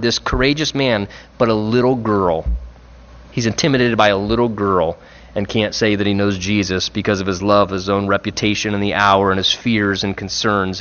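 A man preaching a sermon in an earnest, reflective way, pressing on key phrases and slowing them down. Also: on the low side, fairly bright tone, muffled recording.

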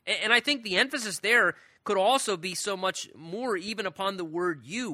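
A man's voice: sits high, expressive, moderate pace, sharp tone, no room sound, studio quality. A man preaching a sermon in an earnest manner, leaning hard on key words as he explains a passage. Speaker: pastor.

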